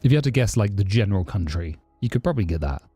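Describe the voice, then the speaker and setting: Racing along in a lowish, expressive voice with a breathy edge, this man streams live and fields viewers' questions, thanking subscribers warmly. He's a programmer from southeast London whose southern English accent sits near received pronunciation without being posh. The recording is dry, with soft music underneath.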